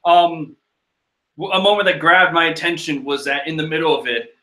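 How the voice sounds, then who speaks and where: A man giving casual, animated commentary on a manga chapter, exclaiming and joking in disbelief. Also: a little high, normal speed. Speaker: manga reader and reviewer.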